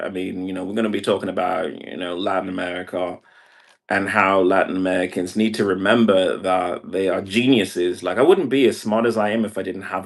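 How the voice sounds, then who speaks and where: A man from Brazil talking in a meandering livestream monologue, packing nearly every phrase with "like" and other fillers. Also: deep voice. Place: indoor room.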